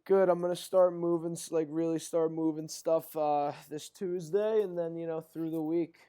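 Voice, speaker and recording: A man's voice: on the high side, steady tone, normal speed, mellow, smooth. A young man co-hosting a podcast over a video call, telling stories in casual chat, cursing often and rambling with plenty of fillers. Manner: profane, rambling storyteller. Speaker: podcast co-host.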